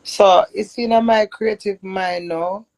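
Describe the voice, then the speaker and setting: A woman's voice: mid-range voice, slow, no room sound. A middle-aged Jamaican woman chatting casually on a live stream, telling stories and laughing often. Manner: animated storytelling with frequent laughs.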